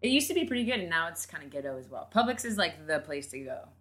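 A woman's voice: deep voice, sing-song, fast, a bit bright. A woman from Florida, a guest on a podcast, chatting in an offhand casual way.

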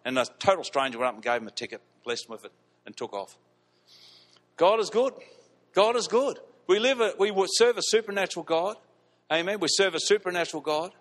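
A man preaching a storytelling sermon in a church, animated and repeating lines for emphasis. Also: high voice, a little fast. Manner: animated, repeats lines for emphasis, laughs at his own stories. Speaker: pastor. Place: church hall. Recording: long reverb of a church hall.

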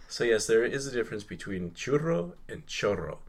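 A man with a fairly low voice chats casually on a podcast. He talks haltingly, doubling words as he thinks, and laughs easily between points. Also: breathy edge. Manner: hesitant, repeats words, laughs often. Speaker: podcast co-host. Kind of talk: casual chat.

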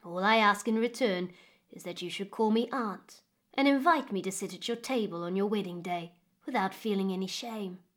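A woman voicing a gentle hunched old woman who speaks softly, calmly and slowly. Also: medium pitch, close to an everyday voice. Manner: soft, calm, slow.

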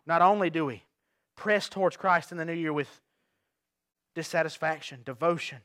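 A man preaching a sermon to his church, telling stories with big swings from quiet asides to shouts. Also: fairly high pitch, normal speed, dry recording, studio quality. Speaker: pastor.

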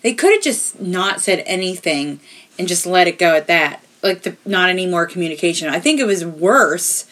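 A woman co-hosting a casual movie discussion, chatty, with quick asides and easy laughter. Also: fairly low pitch, animated, fairly bright tone. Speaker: podcast co-host.

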